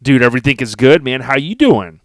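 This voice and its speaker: A man's voice: medium pitch, expressive, a little fast, dry recording, clean studio sound. Enthusiastic slangy male podcast host. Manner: enthusiastic, slangy, calls guest dude and man. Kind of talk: casual podcast conversation.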